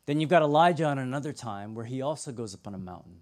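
A young man preaching a sermon, telling stories with lively acted-out voices and sudden drops to a hushed tone. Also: mid-range voice, quick pace. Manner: animated storytelling, acts out voices, drops to a hush. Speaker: pastor.

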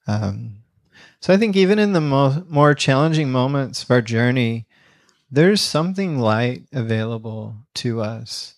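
Male pastor, mid-pitched, easygoing storyteller, dry close sound. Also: no echo. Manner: relaxed storytelling with many "you know" fillers. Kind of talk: conversational sermon with closing prayer.

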